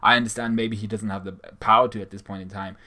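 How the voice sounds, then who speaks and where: A man's voice: lowish voice, fairly even intonation, fast, bright, forceful tone. A man giving a casual, sarcastic manga chapter review, swearing freely and acting out the characters' lines.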